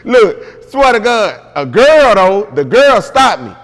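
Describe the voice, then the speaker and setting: Guy telling a wild story in an interview, high voice, slangy, says bro a lot, room echo hanging behind. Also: slow. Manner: animated, slangy, repeats "bro". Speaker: interview guest, impersonator. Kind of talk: casual storytelling.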